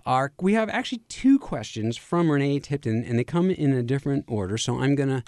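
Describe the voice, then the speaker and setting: A man's voice: mid-range voice, very animated, a little fast, darkish tone, no echo. Guy co-hosting a drinks talk show, casual and jokey, dry close sound. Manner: chatty, jokey, reads quotes aloud. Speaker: co-host of a wine and beer talk show. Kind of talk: casual radio chat.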